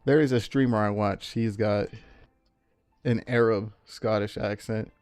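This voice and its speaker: Dude streaming a game, chatty and rambly, dry close mic, faint music under. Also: male voice, on the low side, steady tone, measured pace, a little mellow, smooth, no echo. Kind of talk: casual gameplay commentary.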